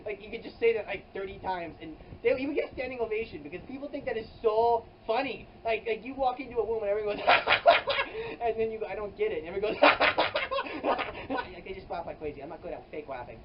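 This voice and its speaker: A comedy vlogger telling an improvised comic story, rambling with frequent "like"s and restarts and sudden exaggerated jumps in pitch and loudness. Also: very fast, hardly any pauses. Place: hot indoor room with an air conditioner running. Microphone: camera mic at some distance. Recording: distant, dull camera audio with faint air-conditioner hum.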